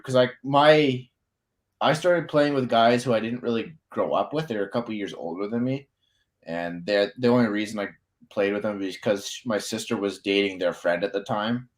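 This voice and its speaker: A man hosting a casual author interview, relaxed and enthusiastic, filling his speech with "like.". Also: on the low side. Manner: relaxed, says "like" often, enthusiastic. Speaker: interview host.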